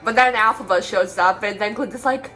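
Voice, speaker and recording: A woman's voice: medium pitch, fairly quick, pushed and bright, soft background music. A young woman retelling a film in casual comedic chat, giggly and breaking into silly character voices.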